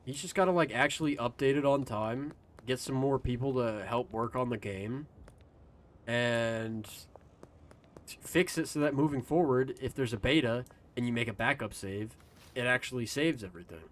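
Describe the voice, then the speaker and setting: Speaking at a moderate pace in a medium pitch, this man streams a game live and chats with viewers in an easygoing, rambling way. His commentary is casual and full of swearing.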